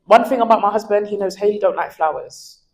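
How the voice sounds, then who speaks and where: A woman's voice: mid-range voice, fast talker, poor audio. A woman in her twenties, a guest in a candid interview, telling stories with energy and acting out what people said. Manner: animated storyteller, acts out quoted dialogue.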